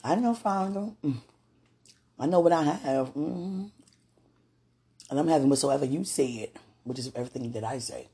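A woman with a deep, slightly rough voice talks casually to a loved one and to God at a moderate pace with long pauses. She is prayerful at times, swinging from hushed musing to giggling excitement, laughing often and speaking in fits and starts.

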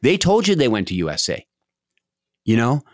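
A man's voice: medium pitch, moderate pace, dry recording, studio quality. A middle-aged man giving casual advice on a podcast, acting out short example conversations with many restarts. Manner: animated, acts out example dialogues, frequent restarts.

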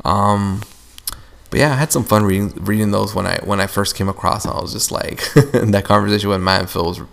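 A young man hosts a casual solo podcast, rambling along and venting with plenty of swearing. His fairly low voice is thick with gravelly fry. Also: fairly even intonation, brisk, a bit bright. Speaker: podcast host.

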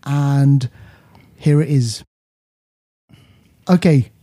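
A man's voice: mid-range voice, drawn-out words, dark tone. A man co-hosting a film podcast in casual chat, with dry, teasing banter. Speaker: podcast co-host. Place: London.

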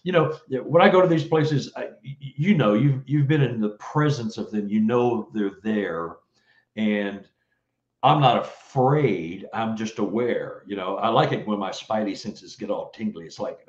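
A man from Texas telling a story as an interview guest, animated and full of "you know" fillers. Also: lowish voice, moderate pace. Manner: animated, acts out quoted voices, many "you know" fillers. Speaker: guest investigator. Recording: roomy, slightly dull audio.

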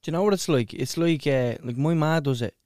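A man's voice: a little high, brisk, a little mellow, no echo, studio quality. A man in a casual podcast chat, blunt, swearing and telling stories.

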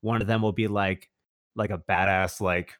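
A man's voice: on the low side, steady tone, moderate pace, fairly bright tone, no echo, studio quality. A man in casual chat, recommending a show with rambling enthusiasm, full of restarts and fillers.

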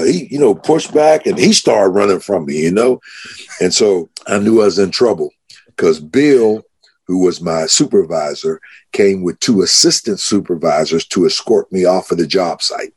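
A man's voice: normal speed, breathy edge. A man, a pastor, telling the story of his conversion in a podcast interview, getting more and more worked up as he goes. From United States. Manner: grows excited, pitch rising as he retells shouting.

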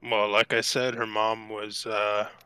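A man's voice: fairly low pitch, completely flat delivery, unhurried, sharp tone, clean tone, dry recording. A man playing a detective in a tabletop game, speaking in dry, terse lines. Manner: dry, terse, laid-back. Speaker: player.

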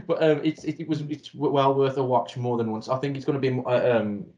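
A man's voice: mid-range voice, normal speed, darkish tone, dull audio. A man ranting in a casual film review chat, swearing a lot and repeating words while he searches for the next one.

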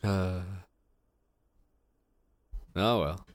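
A man's voice: sits low, extremely slow, dry recording. A man co-hosting a casual podcast, joking and bantering. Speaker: podcast co-host. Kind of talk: casual chat.

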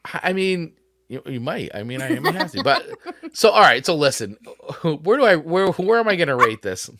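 A man's voice: a little high, sing-song, normal speed, vocal fry, pushed and bright, dry recording. A man co-hosting a casual music podcast, talking animatedly with frequent laughs and restarts. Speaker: podcast co-host.

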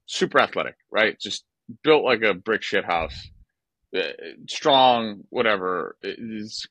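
A man co-hosting a podcast, telling a baseball story in an animated, exasperated way and swearing freely. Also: deep voice, dry recording, low-quality recording. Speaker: podcast co-host, former baseball player.

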